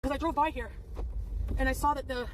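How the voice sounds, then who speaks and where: A woman's voice: high-pitched, fairly even intonation, a little fast. A woman from Canada chatting in a rambling way to her stream from inside a car, recorded on a phone. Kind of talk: casual vlog chat. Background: car and traffic noise.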